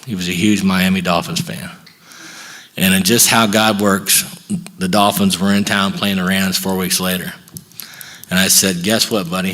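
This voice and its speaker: A middle-aged man with a somewhat low voice shares his story at a recovery workshop. He talks in a folksy, storytelling way and acts out both sides of each conversation. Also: fairly bright tone. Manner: folksy, acts out dialogue with quick back-and-forth. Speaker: recovery meeting speaker. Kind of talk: personal storytelling talk at a workshop.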